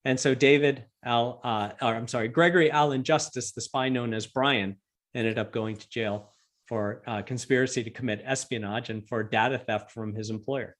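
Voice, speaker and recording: A man telling a story with lively amusement, full of fillers and restarts, speaking remotely for a virtual event. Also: mid-range voice, moderate pace. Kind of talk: animated storytelling.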